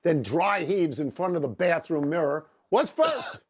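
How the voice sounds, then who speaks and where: A man's voice: fairly high pitch, sing-song, a little slow, breathy edge. A man co-hosting a sports debate show, teasing his partner with wry, dry sarcasm. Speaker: sports talk show co-host.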